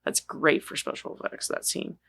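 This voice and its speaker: A woman's voice: moderate pace, fairly bright tone. A woman co-hosting a casual film podcast, reading a profile aloud and now and then stumbling over words before correcting herself. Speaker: podcast co-host.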